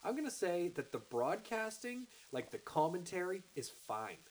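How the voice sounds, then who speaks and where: A man from Canada co-hosting a casual chat, animated and emphatic, quick to argue a point. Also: high-pitched, crowd noise, low-quality recording. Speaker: podcast co-host.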